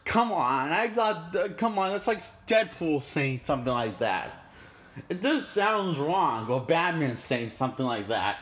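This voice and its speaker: A man's voice: on the high side, expressive, a little slow, fairly bright tone. A man reviewing a movie in an indignant, profane, rambling rant. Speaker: movie critic.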